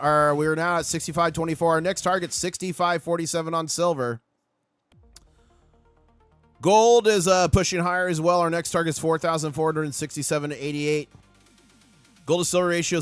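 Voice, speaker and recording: A man hosting a live stream, giving excitable market commentary and reading viewer comments aloud. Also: on the high side. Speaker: livestream host.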